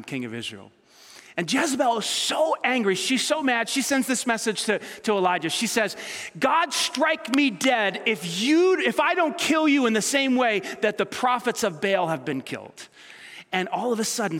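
Man, pastor preaching, light high voice, dynamic delivery from loud to hushed, echoing church hall. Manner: dynamic, swings between loud emphasis and quiet low delivery. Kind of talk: sermon. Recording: long reverb of a large hall.

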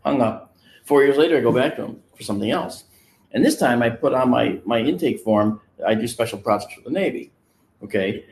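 A man casually telling a personal story in an animated way, acting out the voices of the people he quotes. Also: mid-range voice, brisk, echoey room, slight background noise. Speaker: guest recounting a personal experience. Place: on location, indoors.

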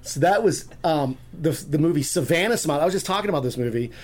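A man's voice: fairly high pitch, animated, fast talker, darkish tone. A man chatting as a podcast guest, rambling through stories with many restarts. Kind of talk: casual chat.

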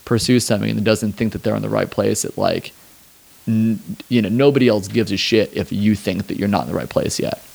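Young guy with a low gravelly voice, rambling and chill, lots of "like". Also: a little fast. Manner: relaxed, rambling, peppered with "like" and swearing. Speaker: guest, drummer and hairstylist. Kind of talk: casual interview storytelling.

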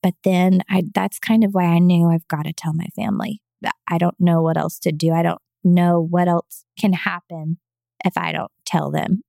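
A woman's voice: on the low side, steady tone, normal speed, gravelly, dark tone, no echo, studio quality. A woman telling her personal story as a podcast guest, speaking earnestly and with emotion. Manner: acts out quoted voices. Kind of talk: personal testimony in an interview.

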